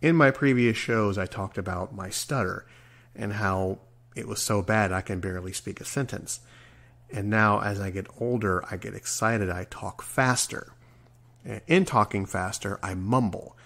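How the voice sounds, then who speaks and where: A man's voice: on the low side, normal speed, gravelly, a bit bright. A man in his forties hosting a solo podcast, earnest and rambling, sometimes stumbling over his words. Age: 40s. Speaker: podcast host. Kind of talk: reflective solo podcast monologue.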